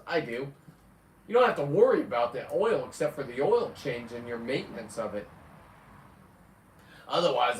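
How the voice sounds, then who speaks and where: A man in his fifties talking casually on a live stream, rambling with loud outbursts and frequent swearing. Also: mid-range voice. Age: 50s. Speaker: livestreamer reading viewer comments. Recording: echoey, distant from the mic.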